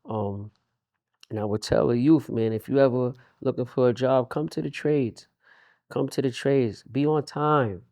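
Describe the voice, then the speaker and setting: A man's voice: mid-range voice, measured pace, dark tone, no echo, studio quality. A man, a union leader talking in a casual interview, streetwise and repeating words for emphasis. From Queens, New York.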